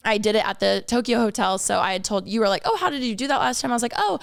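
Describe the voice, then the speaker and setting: Young woman, podcast co-host, rapid chatty delivery, slightly high voice. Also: expressive, gravelly. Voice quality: fast, chatty, teasing. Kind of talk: casual chat.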